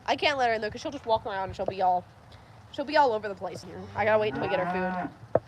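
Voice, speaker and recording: A young woman hosting a casual farm livestream, chatty and quick to laugh as she reads viewer comments aloud. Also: a little high, lively intonation, a little mellow, slight background noise. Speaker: livestream host. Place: farm barn with rain outside. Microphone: phone livestream.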